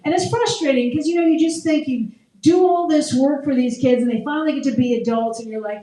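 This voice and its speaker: A woman's voice: high voice, brisk, warm tone. A middle-aged woman performing a stand-up comedy set, talking conversationally and self-deprecatingly and laughing at her own jokes. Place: open mic comedy show. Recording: echoey room, mic at a distance.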